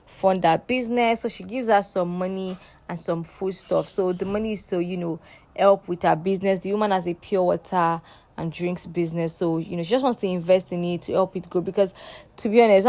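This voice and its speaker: A woman's voice: fairly low pitch, a little mellow. Young woman gossiping through a reality show recap, sassy and chatty, talks to "guys". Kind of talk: casual recap commentary.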